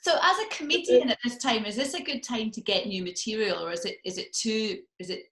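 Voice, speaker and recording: A woman's voice: fairly high pitch, brisk, fairly bright tone. A woman radio presenter running an upbeat, chatty interview, laughing often and asking eager questions. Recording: echoey room.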